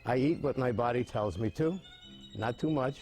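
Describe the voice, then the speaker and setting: A man in his seventies explaining mime and telling jokes with lively storytelling, his voice rising high as the stories build. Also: normal speed, soft background music. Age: 70s. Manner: animated storytelling with big pitch jumps.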